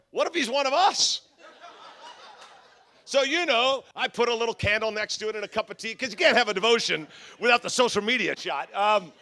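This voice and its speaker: At a church leadership conference, a pastor delivers a sermon full of humorous stories, acting out the voices of the people in them. His voice is extremely high, pushed and bright.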